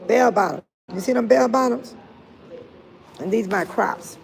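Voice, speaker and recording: A woman's voice: a little high, a little slow, creaky, pauses often, a crowd in the background. An older retired woman chatting casually with viewers on a phone livestream, laughing often and talking straight to them. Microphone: phone held close to the face.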